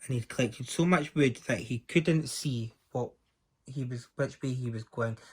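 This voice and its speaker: A man's voice: mid-range voice, measured pace, breathy edge. Man reading a children's story.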